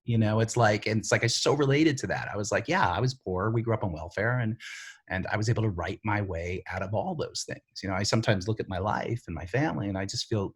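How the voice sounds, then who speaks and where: A man's voice: fairly low pitch, fast talker, breathy edge. A middle-aged man from the Bronx, a TV writer and showrunner, telling his career story in a candid, rambling interview full of fillers. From the Bronx, New York. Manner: animated, rambling, filler-heavy.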